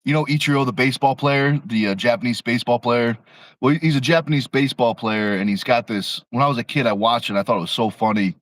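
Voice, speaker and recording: A man's voice: medium pitch, fast talker, no room sound, low-quality recording. A young man co-hosting a casual livestream, laughing often and trailing off mid-sentence. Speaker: co-host of a livestream.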